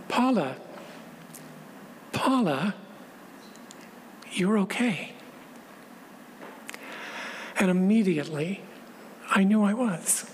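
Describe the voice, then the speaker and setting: Woman preaching in a reverberant hall. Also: medium pitch. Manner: reflective and measured, repeating phrases. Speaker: pastor. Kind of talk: sermon. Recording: long reverb, faint background noise.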